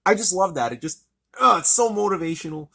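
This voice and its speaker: A man's voice: high voice, expressive, a little fast, vocal fry, pushed and bright. A man reviewing an album in a casual, rambling, enthusiastic way, swearing often.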